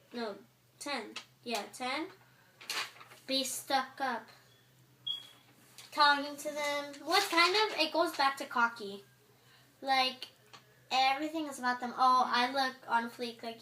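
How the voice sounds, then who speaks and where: A woman's voice: a little high, bright, forceful tone. A teenage girl vlogging in a casual, chatty way, exasperated and acting out what others say. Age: teens. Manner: chatty, exasperated, acts out quotes. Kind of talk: casual chat to camera. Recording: echoey room with faint noise.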